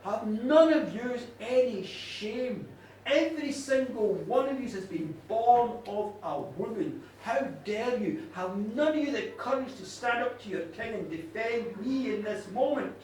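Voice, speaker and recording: A man's voice: very high voice, expressive, unhurried, darkish tone, slight background noise. A storyteller voicing a defiant, indignant pregnant young woman, recorded live in a pub. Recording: echoey pub room from far off.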